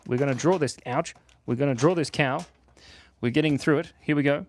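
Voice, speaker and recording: A man's voice: on the high side, fairly quick. A man live-streaming himself drawing, chatting playfully and rambling with his viewers from his home in Australia. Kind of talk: casual livestream chat while drawing.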